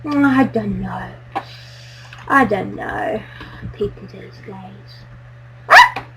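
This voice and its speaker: A woman chatting excitedly while playing a building game with friends, silly and bubbly, breaking into squeals. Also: medium pitch, drawn-out words, slight background noise. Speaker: gamer playing on a friend's server. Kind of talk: excited let's-play chatter.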